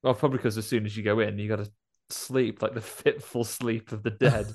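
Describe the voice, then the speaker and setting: A man's voice: on the low side, steady tone, brisk, darkish tone. A man chatting casually about a film, jokily acting out the characters' lines. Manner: jokey, playfully acts out film characters' lines.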